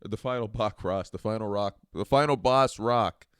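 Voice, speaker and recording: A man's voice: on the low side, moderate pace, smooth, no room sound, studio quality. A man co-hosting a comedy podcast, rambling through stories with frequent laughs. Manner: rambling, laughing, doing loud impressions. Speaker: podcast co-host. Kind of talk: casual comedy chat.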